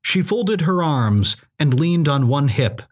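A man giving measured, dramatic narration of a scripted audio drama. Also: on the high side, animated. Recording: narration with music underneath.

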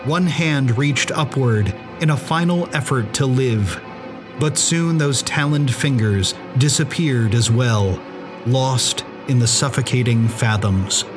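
A male narrator reads a suspense story in slow, measured audiobook style. His pitch sits at an ordinary middle. Clear music plays beneath the reading throughout.

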